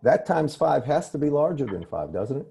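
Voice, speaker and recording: Over a video call on his computer microphone, a professor lectures in a medium-pitched, sing-song voice that is gravelly, dark, and husky, at a moderate pace. He keeps apologizing and stopping to restart or fix his wording.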